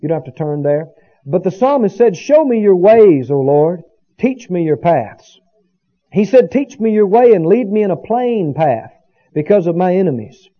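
A man's voice: high voice, big pitch swings, normal speed, lo-fi sound. A man preaching a sermon as pastor, building to emphatic bursts and asking the congregation for agreement. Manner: preaching with rising emphatic bursts and call-and-response asides.

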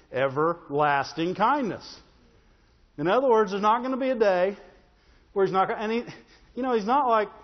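Man, pastor, high voice, emphatic sermon, joking asides, call-outs to the congregation, lo-fi recording. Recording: echoey hall, dull lo-fi sound.

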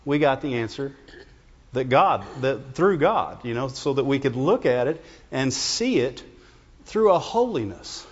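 A man's voice: medium pitch, big pitch swings, a little slow, breathy edge. A man preaching a conversational sermon to his congregation, often checking in with "Amen?" and "Right?". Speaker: pastor. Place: church sanctuary. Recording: dull reverberant church recording.

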